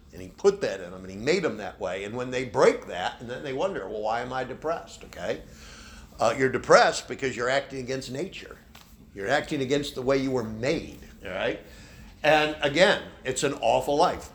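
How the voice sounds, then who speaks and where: A man's voice: medium pitch, lively intonation, moderate pace, fairly bright tone. A man preaching a sermon as pastor, who often ends his points with a questioning "okay?". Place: church.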